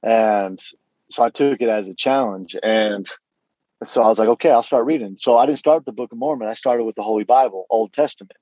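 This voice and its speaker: Earnest man retelling his past, halting. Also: fairly low pitch, no room sound, lo-fi sound. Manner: earnest, halting storytelling with many restarts and acted-out dialogue. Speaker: guest telling his story. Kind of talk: candid personal testimony.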